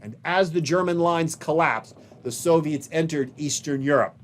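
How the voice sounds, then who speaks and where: Male history lecturer, slightly high voice, deliberate emphasis, faint noise behind. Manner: explains slides, pointing to images above him. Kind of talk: recorded video lecture.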